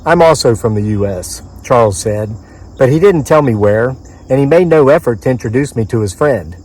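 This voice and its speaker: A man's voice: mid-range voice, expressive, normal speed, darkish tone. A man from the mid-Atlantic United States reading his own story aloud outdoors in the woods, in a dry, conversational storyteller's manner with offhand asides.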